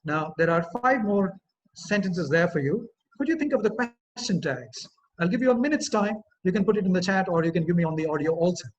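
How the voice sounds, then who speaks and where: High-voiced Indian English trainer on webinar. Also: male voice, lively intonation, a little fast. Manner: earnest, frequent fillers, engages audience with questions. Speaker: communication skills trainer. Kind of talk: online webinar lecture. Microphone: video call. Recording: dull lo-fi webinar audio.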